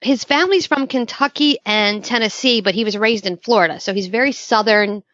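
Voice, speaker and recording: A woman in her forties hosting a podcast, chatty and animated as she tells stories. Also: on the high side, fairly quick, dry recording. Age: 40s. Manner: chatty, animated storyteller, laughs often. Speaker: podcast host. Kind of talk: casual interview chat. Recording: dull lo-fi sound, dry.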